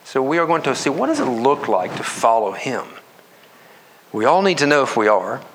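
A pastor preaching a sermon to his congregation in an earnest, conversational way, with repetitions and quick asides. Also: mid-range voice, very animated, fairly bright tone, slight background noise. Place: church sanctuary.

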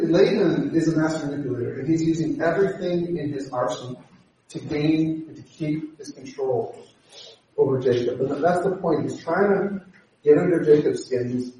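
A man preaching a sermon, animated and acting out the voices he quotes. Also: a little high, moderate pace, a little hiss or hum. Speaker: pastor. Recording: echoey hall from far off.

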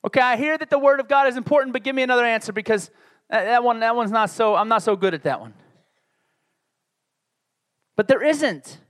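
A man's voice: extremely high pitch, brisk, long pauses, fairly bright tone. A man preaching a sermon as pastor, conversational and joking, building to emphatic peaks.

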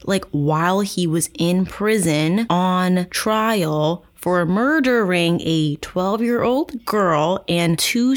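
A young woman hosts a true-crime podcast in a lowish voice and a loose, chatty manner. She reads passages aloud, then breaks off to mock them with swearing and sarcasm. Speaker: podcast host. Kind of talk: casual true-crime storytelling.

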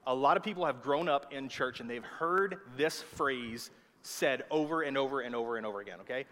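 A man's voice: medium pitch, a little fast, bright, forceful tone. A man preaching a sermon with emphatic delivery, often checking in with his listeners. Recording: long hall reverb.

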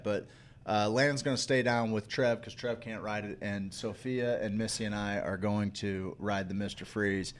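A man's voice: on the low side, slight background noise. Man co-host, casual storyteller, from the St. Louis area, swears freely, laughs easily. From St. Louis area, USA. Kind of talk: casual chat.

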